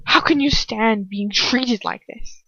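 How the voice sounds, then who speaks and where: A woman voicing an anguished young man, talking quietly in a strained voice that slips into whispers, on a dull lo-fi recording. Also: on the high side, takes it slowly, vocal fry, no echo, full character voice.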